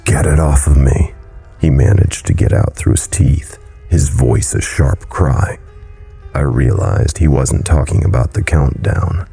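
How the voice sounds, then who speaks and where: A man narrating a horror story in a low, brooding delivery. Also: lively intonation, unhurried, gravelly, dark tone, slightly rough, faint music behind.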